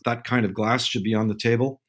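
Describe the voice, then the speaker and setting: A man in his sixties, a guest on an interview show, telling unhurried anecdotes and acting out the people he quotes. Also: mid-range voice, flat delivery, fairly bright tone. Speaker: guest, naval film consultant. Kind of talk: relaxed interview storytelling.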